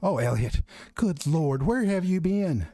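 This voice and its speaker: A man's voice: expressive, measured pace, warm tone, dry recording. A man voicing a worried middle-aged mother on the phone, pleading with her child to come home. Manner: pleading, high-pitched.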